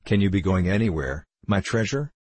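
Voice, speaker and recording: Gushing, fussy old landowner full of endearments, read by a man in a low, husky voice for an audiobook play. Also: expressive, moderate pace, darkish tone, no room sound. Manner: showers everyone with pet names. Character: effusive elderly male landowner, gushing and fussy.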